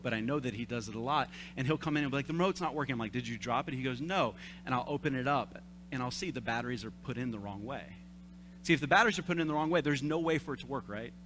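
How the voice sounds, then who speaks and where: A man in his thirties, a young adults pastor, giving a conversational sermon with animated, self-deprecating stories. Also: medium pitch, noisy background. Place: church service.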